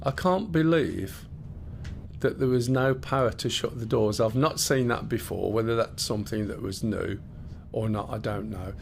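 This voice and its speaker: A man live-streams a game, chatting casually and explaining things as he goes, rambling and swearing a bit. His voice is fairly low and creaky, at a moderate pace, with slight background noise.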